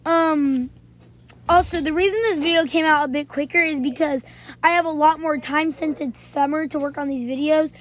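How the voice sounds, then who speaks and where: A woman talking casually in a vlog, telling playful stories with frequent pauses and "um"s. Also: high voice, fairly even intonation. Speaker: video creator.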